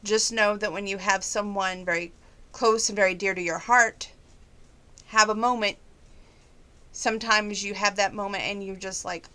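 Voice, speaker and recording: A woman's voice: medium pitch, steady tone, normal speed, long pauses, pushed and bright. A middle-aged woman giving a chatty, folksy personal update to her viewers, holding back emotion. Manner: chatty and folksy, trying not to get emotional. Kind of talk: casual chat to viewers.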